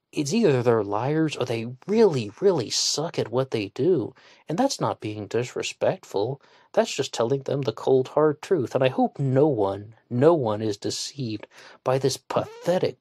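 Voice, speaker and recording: A man's voice: mid-range voice, darkish tone, dry recording, clean studio sound. A man hosting a solo podcast in casual commentary, blunt and scornful, with frequent fillers and swearing. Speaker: podcast host.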